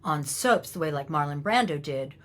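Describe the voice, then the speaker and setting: A middle-aged woman, an actress as guest, telling anecdotes in a lively way, acting out the lines she quotes and laughing often. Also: sits low, moderate pace.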